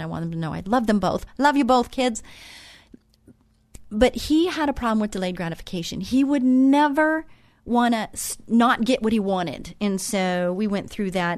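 A middle-aged woman hosts her own talk show with a chatty, folksy way of telling stories. She is earnest and a touch preachy, repeating her lessons for emphasis and filling gaps with um and uh. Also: mid-range voice. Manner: chatty, folksy storytelling with frequent um and uh. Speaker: radio show host. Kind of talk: motivational talk show monologue.

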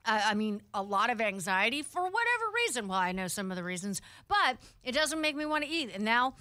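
A woman co-hosting a podcast in relaxed, casual chat, telling stories. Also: a little high, a little fast, no room sound. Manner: relaxed, storytelling. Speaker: podcast co-host.

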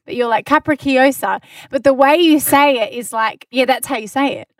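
A young woman with a fairly high voice, bantering quickly on a podcast. She sounds a little off-mic in a dry room. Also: no echo, recorded from a distance. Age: young adult. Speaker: podcast co-host. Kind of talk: casual chat.

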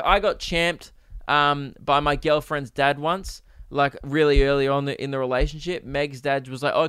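Young Aussie male podcast host, rambling comic delivery, slightly high, clean dry sound. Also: fairly bright tone, clean tone, dry recording. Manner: rambling, joking, mock-dramatic. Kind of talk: casual solo podcast chat.

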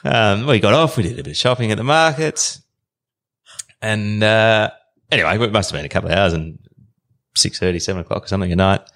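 Deep-voiced man telling a story. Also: a little fast. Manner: relaxed, rambling storyteller. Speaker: podcast guest.

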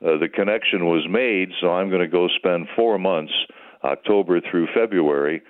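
Very deep older man on a tinny phone line. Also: moderate pace. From United States. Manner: easygoing, rambling storyteller. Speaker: sports broadcaster guest. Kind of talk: phone-in radio interview.

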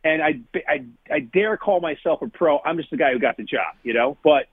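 Phone-in guest: a man from New Jersey, husky voice, slightly high, chatty and self-mocking. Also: expressive, a little fast, no echo. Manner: chatty, self-deprecating, laughs often. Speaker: food challenge TV host, guest. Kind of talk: casual interview chat. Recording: tinny phone-line call.

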